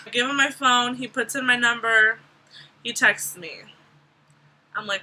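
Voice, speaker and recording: A woman's voice: high-pitched, animated, moderate pace, pushed and bright, poor audio. A young woman vlogger telling a storytime in a chatty, sarcastic way, full of "like". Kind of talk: casual storytime.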